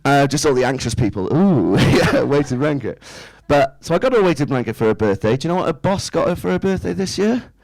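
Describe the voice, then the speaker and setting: A man's voice: a little high, very animated, brisk, vocal fry, hardly any pauses, darkish tone, dry recording, low-quality recording. A man, doing a stand-up set in a small club, chatty and self-mocking, tossing rhetorical questions at the crowd. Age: 30s. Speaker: stand-up comedian. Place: small indoor comedy club stage.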